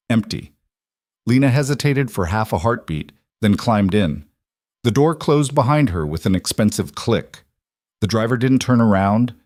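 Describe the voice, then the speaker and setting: A man with a low voice reads a dark story in a measured, steady way. The sound is dry and close, with nothing of the room in it. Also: dry recording. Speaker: narrator. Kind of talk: scripted story narration.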